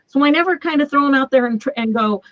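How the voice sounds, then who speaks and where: A woman with a fairly high voice tells a long personal story in a relaxed, talkative way. She often laughs and acts out the lines she quotes. The remote call audio is dull and dry. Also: quick pace, dry recording. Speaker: guest.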